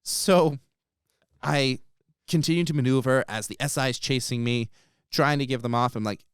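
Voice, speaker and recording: A man co-hosting a podcast, telling a story in a casual, animated way with plenty of "um" and "like". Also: medium pitch, moderate pace, clean tone, no echo, clean studio sound. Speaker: podcast co-host.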